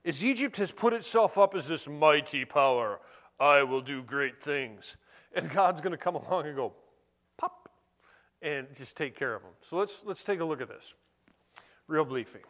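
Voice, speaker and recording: A middle-aged man preaching a sermon, conversational and animated, telling stories between scripture readings. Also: fairly high pitch, fairly quick. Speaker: pastor.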